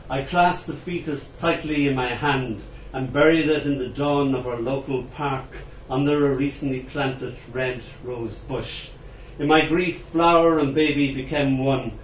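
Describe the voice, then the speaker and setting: A man's voice: medium pitch, a little hiss or hum. Man telling a tender story from afar. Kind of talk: spoken storytelling performance. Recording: distant, roomy, dull recording.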